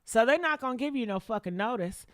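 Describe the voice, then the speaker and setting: A woman's voice: on the high side, expressive, quick pace, no echo, clean studio sound. A woman giving blunt, profane, sassy commentary on a livestream, calling her listeners honey. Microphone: desktop mic.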